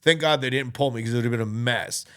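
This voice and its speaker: A man's voice: mid-range voice, quick pace, a bit bright, clear, resonant tone. A man in his thirties from the Chicago suburbs, a podcast host, telling a rambling, profane story and laughing through it. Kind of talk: casual storytelling.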